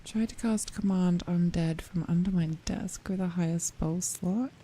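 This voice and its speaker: A woman streamer in a whispered role-play, chatting playfully and softly with viewers and often giggling. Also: lowish voice, steady tone, normal speed, rough recording.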